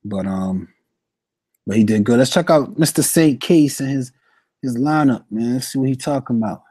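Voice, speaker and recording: A young man streaming fantasy sports picks in casual chat, slangy and animated, reading out chat shout-outs. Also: medium pitch, normal speed, no room sound.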